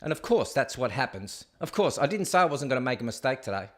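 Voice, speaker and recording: A man's voice: mid-range voice, sing-song, fast, fairly bright tone. Chatty Australian man hosting a livestream. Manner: chatty, jokey, rambling, reads comments aloud. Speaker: host. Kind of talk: casual solo livestream chat.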